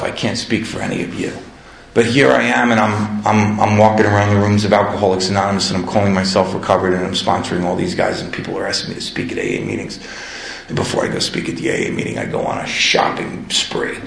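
A man speaking candidly and with self-deprecating humor at a recovery meeting, growing animated when telling stories. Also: fairly low pitch, vocal fry. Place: meeting room. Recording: echoey room.

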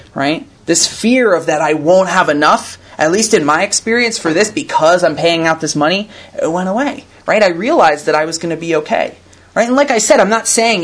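A man's voice: a little high, fairly bright tone. Earnest guy sharing at a recovery meeting, reads a line then talks it through, lots of "right?". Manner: earnest, conversational, tags lines with "right?". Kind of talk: reading aloud and commenting to a group.

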